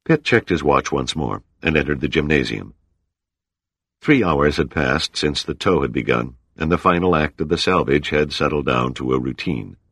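Man, very low voice, steady measured audiobook narration, dry studio sound. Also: vocal fry, slightly rough, no echo. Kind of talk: scripted narration.

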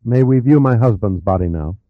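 A cool, composed widow, as a male storyteller puts her on speaks in a flat and clipped way. Her voice sits low. It is dry and tinny, with a narrow band. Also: a little fast, no echo, natural voice. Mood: controlled. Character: wealthy widow, cool and controlled.

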